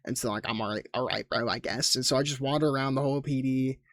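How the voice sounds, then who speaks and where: A man's voice: medium pitch, fast, fairly bright tone, no echo. A young man casually recapping his game sessions as a YouTuber, rambling in slangy, profane talk. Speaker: gaming YouTuber.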